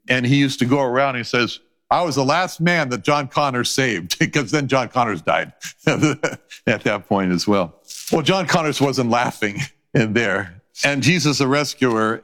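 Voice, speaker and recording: A man delivering a sermon with emphatic, repetitive phrasing. He reads scripture in old-style wording and often rises into high, passionate pleas before settling back into a steady teaching voice. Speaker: preacher.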